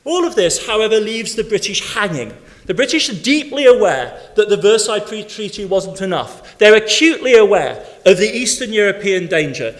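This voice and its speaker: High-voiced man lecturing in a reverberant hall. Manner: emphatic, building points in rhythmic lists. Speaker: keynote speaker. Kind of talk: academic lecture. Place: conference hall with an audience.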